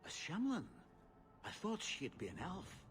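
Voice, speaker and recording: A hostile elf guard with a put-on Irish accent. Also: male voice, sits high, huge pitch swings, unhurried, fairly bright tone, faint music behind, exaggerated voice. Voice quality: threatening, clipped.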